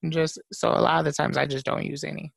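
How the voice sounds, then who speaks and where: Young man, heavy vocal fry, dry close sound, laid-back podcast chat, swears freely. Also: a little high, level tone, quick pace, fairly bright tone, dry recording. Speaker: podcast host.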